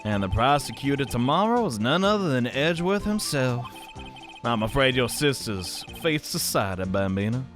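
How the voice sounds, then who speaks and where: A man's voice: medium pitch, very animated, normal speed, a bit bright, faint music behind. A man voicing a swaggering cowboy lawman in a put-on cowboy drawl, teasing and calling everyone partner. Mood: smug. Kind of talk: voicing game dialogue.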